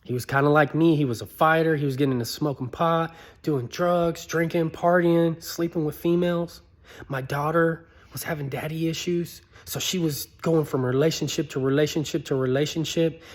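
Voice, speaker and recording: A motivational speaker tells his own story in an earnest, pleading monologue, heartfelt and direct. His voice sits a bit on the high side, with a steady tone at a moderate pace, and climbs well higher when he begs.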